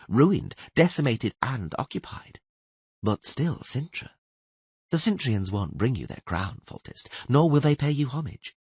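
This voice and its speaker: A man's voice: mid-range voice, slightly rough, no echo, voice pushed up. A man voicing a sly, mocking older queen. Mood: cool. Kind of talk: audiobook character voice.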